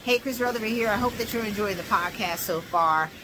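Salesy podcast promo, upbeat, lots of noise and traffic behind. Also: male voice, high-pitched, fairly quick. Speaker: podcast host reading an ad. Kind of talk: promotional read.

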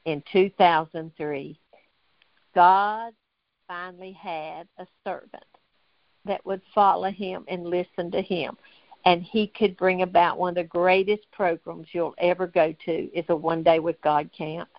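A woman's voice: on the low side, fairly even intonation, unhurried, dry recording, dull audio. An older woman from North Carolina tells an emotional faith story as a guest on a talk show. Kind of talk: testimony in a faith talk interview.

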